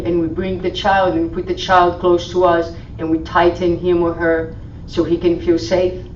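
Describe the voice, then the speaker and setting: A woman speaking at a spiritual meeting in a gentle, soothing sermon style, dropping to a hush when she quotes. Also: on the low side, little pitch movement, moderate pace, slight background noise. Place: meeting hall. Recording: roomy, distant, dull live stream audio.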